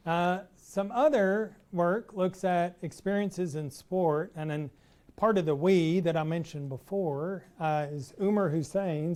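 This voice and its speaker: A middle-aged man with a Texas accent giving an academic talk to an audience in a relaxed, conversational way with frequent "uh" fillers. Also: on the high side. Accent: Texan. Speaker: professor giving an installation talk.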